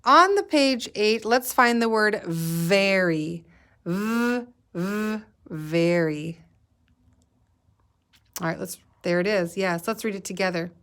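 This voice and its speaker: A woman's voice: mid-range voice, lively intonation, slow, long pauses, fairly bright tone. A woman teacher leading a guided reading lesson for young children, patiently sounding out letters and words.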